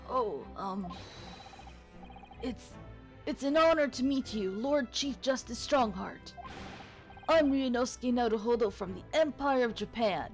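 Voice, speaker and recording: A woman voicing a nervous young male law student, speaking softly and hesitantly. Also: on the high side, animated, a little slow, pauses often, soft background music, pitched above the performer's own voice.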